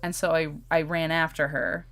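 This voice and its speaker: A woman's voice: low voice, flat delivery, normal speed, a bit bright. A woman co-hosting a podcast, chatting playfully and laughing often. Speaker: podcast co-host. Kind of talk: casual chat.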